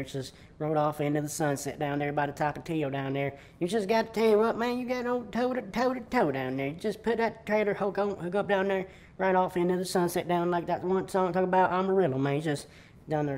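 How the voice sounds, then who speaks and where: A man's voice: on the high side, a little mellow, lightly acted. A man voicing an indignant, rambling good-old-boy from Texas, who keeps saying "man" and "down there" in a comedic character sketch.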